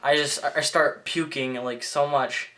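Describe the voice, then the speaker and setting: A teenage boy vlogger telling a story in a rambling, excitable way, full of fillers and restarts. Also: a little high, a little slow. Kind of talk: casual storytelling vlog.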